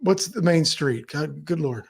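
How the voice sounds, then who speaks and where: Host from Maryland, mid pitch, lively swings, gravel and rasp, playful. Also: measured pace. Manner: animated, playful, laughs along, self-interrupting. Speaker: podcast host. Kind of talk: casual interview chat.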